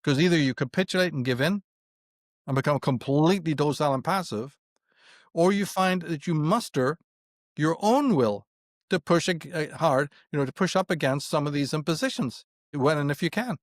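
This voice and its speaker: Man, middle-aged, higher pitch, forceful swearing lecturer type, dry close sound. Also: expressive, moderate pace, no echo. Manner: emphatic, profane, rhetorical questions. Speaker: interviewee. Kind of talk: philosophical conversation.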